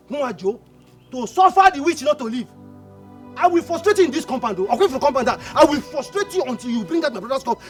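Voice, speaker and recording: An actor with a Nigerian accent playing an angry, grieving younger brother who shouts, stammers and keeps repeating himself. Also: male voice, extremely high pitch. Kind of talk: Nollywood film acting.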